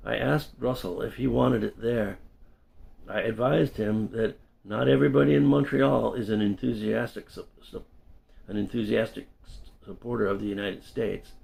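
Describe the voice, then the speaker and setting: A middle-aged man reading his own memoir aloud in an unhurried, conversational way with small self-corrections. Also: lowish voice, creaky, a little mellow. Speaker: storyteller and English teacher.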